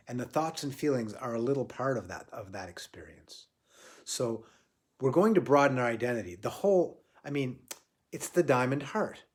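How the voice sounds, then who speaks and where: Man, spiritual teacher on a livestream, reflective, repeats himself, mid-pitched voice. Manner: reflective, repeats phrases for emphasis, drops to quiet soft lines.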